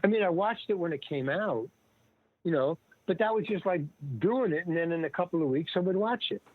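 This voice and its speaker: Older guy on a tinny phone-like line, slightly high voice, wanders off topic a lot. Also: lively intonation, a little fast, no room sound. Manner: digressive, restarts, quotes others. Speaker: guest. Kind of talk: rambling casual storytelling.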